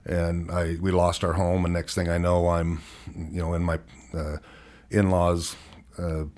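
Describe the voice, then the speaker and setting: A man in his fifties with a very low voice tells his story to a podcast host. He is candid and rambles a little, and he often laughs at himself as he talks. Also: monotone, unhurried, darkish tone. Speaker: podcast guest. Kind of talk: personal storytelling interview.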